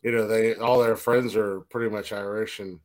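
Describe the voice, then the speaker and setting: A man's voice: on the low side, level tone, moderate pace. A man co-hosting a podcast in casual banter, laid-back, with dry teasing. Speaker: podcast co-host.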